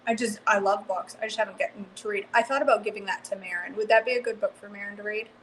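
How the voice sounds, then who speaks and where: A woman hosting a live cooking stream from her home kitchen, chatting excitedly and answering viewers by name. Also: mid-range voice, quick pace, low-quality recording. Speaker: cooking livestream host. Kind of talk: casual live cooking chat, reading comments.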